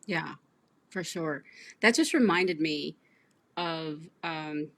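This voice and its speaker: Low husky-voiced woman coach. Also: slow, a bit bright. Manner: storytelling, acts out client dialogue, laughs often. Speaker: business coach, livestream host. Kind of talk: casual livestream chat.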